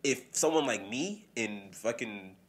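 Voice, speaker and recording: A man's voice: mid-range voice, a little slow. A man co-hosting a podcast in casual, profane chat. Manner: animated, profane, mimics voices when quoting people. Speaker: podcast co-host.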